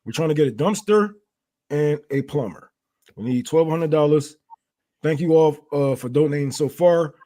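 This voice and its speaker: A man's voice: on the high side, normal speed, warm tone. A man hosting a casual political livestream, loose and profane, breaking into mocking asides and jokes. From Detroit. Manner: loose, profane and joking, drops into mocking put-on voices. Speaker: livestream host.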